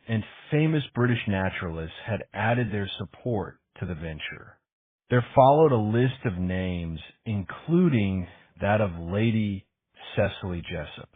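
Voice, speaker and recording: A man reading a novel aloud as audiobook narrator, in an even, descriptive way. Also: fairly low pitch, husky, dry recording. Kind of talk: scripted narration. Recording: tinny phone-like sound.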